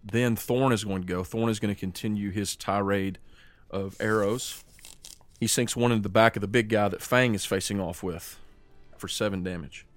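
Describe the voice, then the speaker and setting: A man's voice: fairly low pitch, fairly even intonation, soft background music. A man running a tabletop game as game master, narrating scenes vividly and calling rolls. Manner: vivid, descriptive narration with quick rules calls.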